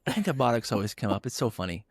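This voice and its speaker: A man hosting a casual podcast, telling stories with lively acted-out quotes. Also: medium pitch, fast talker, creaky, dry recording, studio quality. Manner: animated storyteller, acts out quotes. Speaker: podcast host.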